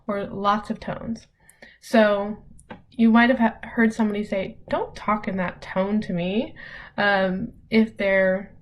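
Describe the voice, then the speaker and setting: A woman's voice: mid-range voice, a little mellow, rough recording. A young adult woman teacher walks through a recorded online lesson. She explains step by step, chatty and full of ums.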